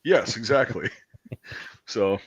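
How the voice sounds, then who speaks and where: A man in his thirties hosting a casual chat, telling army stories with lots of swearing and laughter, and acting out shouted quotes. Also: on the low side, animated, slow, slightly rough. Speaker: podcast host. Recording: dull lo-fi stream audio.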